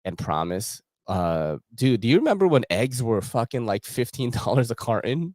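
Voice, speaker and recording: A man's voice: mid-range voice, very animated, moderate pace, few pauses, warm tone, no room sound, studio quality. A young man hosting a casual gear show, chatting in laid-back slang while browsing a website and laughing often.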